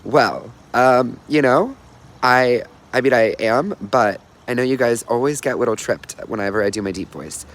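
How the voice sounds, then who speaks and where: A man's voice: medium pitch, animated, moderate pace, a bit bright. A young man chatting casually on a livestream, bubbly and talkative, reading viewer comments and telling stories. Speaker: livestream host.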